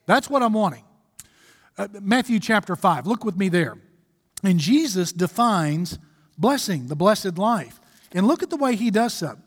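A man with a high-pitched voice preaches an emphatic sermon, drawing out his phrases as he presses each point. His voice carries a long reverb, like a large church hall. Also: sing-song. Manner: emphatic, exhorting, drawn-out slow phrases. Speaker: pastor.

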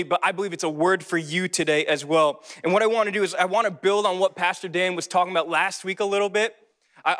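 High-voiced young man preaching casually. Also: a bit bright. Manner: casual and conversational, rising in pitch when preaching. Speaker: young adult ministry leader. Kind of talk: sermon.

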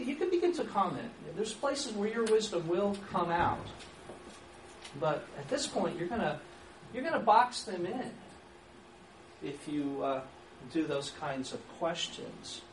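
A man teaching a church class on counseling, lively and acting out sample questions, with an occasional chuckle. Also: high-pitched. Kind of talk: church training lecture. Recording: echoey room from far off, faint hiss.

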